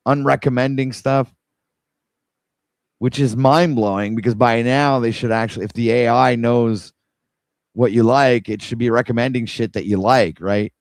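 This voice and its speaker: A man's voice: mid-range voice, clear, resonant tone, dry recording. Exasperated rambling male livestreamer. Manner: rambling, exasperated, talks to viewers while scrolling. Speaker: livestream host. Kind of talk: casual livestream commentary.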